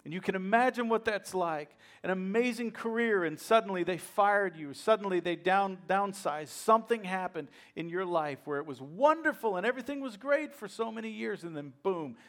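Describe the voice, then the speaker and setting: A male pastor preaching a sermon, retelling a story dramatically and swinging from hushed lines to loud, emphatic ones. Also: sits high, animated, moderate pace, hardly any pauses.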